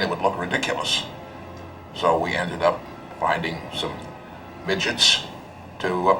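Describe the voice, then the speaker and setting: An older man interviewed about his film work, recalling it in a plain, deliberate way. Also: sits low. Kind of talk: interview recollection.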